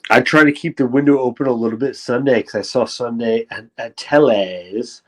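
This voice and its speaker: A livestream host with a medium-pitched voice and moderate pace rambles through a casual rant, swearing and frequently restarting his sentences. The audio is poor.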